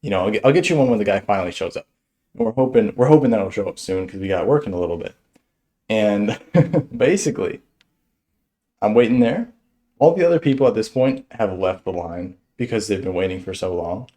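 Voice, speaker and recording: A young man telling a stand-up story in an animated way, chuckling as he goes. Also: lowish voice, a little fast. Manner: animated, chuckles through his own story. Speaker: stand-up comedian.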